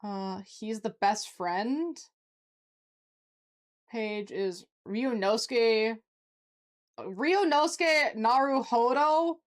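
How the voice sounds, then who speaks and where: A young woman chatting excitedly while streaming a game, over game music. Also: a little high, very slow, long pauses. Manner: chatty and excitable, reacts aloud. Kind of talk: casual gameplay commentary. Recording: game music playing under the voice.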